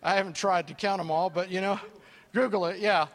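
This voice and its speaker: A man preaching a sermon, his voice sitting a bit high. He speaks in an easy, conversational way and puts questions to the congregation. A long reverb trails his words in the hall. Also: steady tone, a little fast. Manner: storytelling a joke, then preaching with questions to the congregation. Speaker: pastor.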